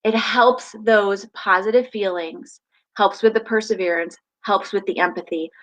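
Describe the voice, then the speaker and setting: A woman hosting a live parenting advice talk, animated and emphatic as she speaks straight to viewers. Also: medium pitch, measured pace, rough recording. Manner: animated, emphatic, acts out family dialogue.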